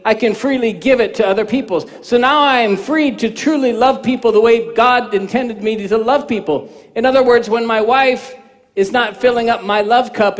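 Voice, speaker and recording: A man in his fifties preaching a sermon, animated and telling stories, acting out dialogue in quoted voices. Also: extremely high pitch. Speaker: pastor. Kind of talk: sermon with personal storytelling. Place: church sanctuary. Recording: reverberant church hall.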